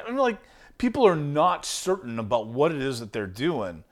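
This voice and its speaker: A man's voice: on the high side, huge pitch swings, normal speed. A man teaching sales in an emphatic, punchy monologue. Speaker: sales coach.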